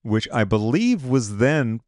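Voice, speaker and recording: A man's voice: medium pitch, very animated, slow, a little mellow, no echo. A man hosting a film podcast, giving dry, wry rundowns of an actor's filmography in casual chat. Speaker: podcast host.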